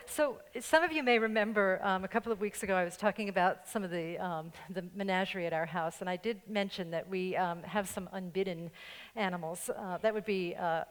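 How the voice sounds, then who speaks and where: An older woman pastor with a slight New York accent, giving a playful, joking sermon and laughing along with her congregation. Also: mid-range voice. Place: church sanctuary with congregation. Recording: long church-hall reverb.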